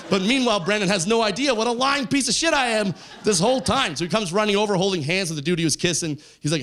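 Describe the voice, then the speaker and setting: A young man doing stand-up storytelling on a comedy club stage, acting out the people in his story and yelling some punchlines. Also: high-pitched, quick pace, few pauses. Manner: animated, voices quoted friends, yells punchlines. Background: audience laughter.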